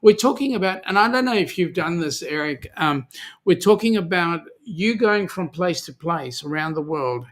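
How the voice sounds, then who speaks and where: A man's voice: on the high side, lively intonation, moderate pace, fairly bright tone. An Australian man hosting a live chat show, reading out viewer comments and joking around with many ums. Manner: chatty, jokey, many ums. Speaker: host.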